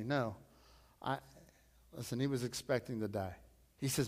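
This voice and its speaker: A middle-aged male pastor preaching a storytelling sermon, repeating himself and swelling loud when he quotes scripture. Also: medium pitch, moderate pace, pauses often.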